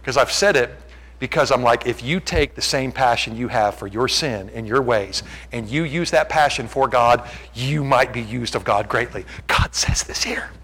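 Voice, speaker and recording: A man preaching a sermon, joking with the congregation and acting out what people say, rising to near-shouts. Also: mid-range voice, normal speed, slightly rough, rough recording. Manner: animated, jokey, acts out quotes, shouts at peaks. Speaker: pastor.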